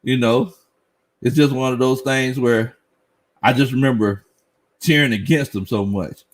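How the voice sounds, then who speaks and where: A man's voice: mid-range voice, a little slow. A middle-aged man hosting a casual sports live stream, reading viewer comments and laughing often. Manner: laughs often, animated, Southern slang. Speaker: sports show host.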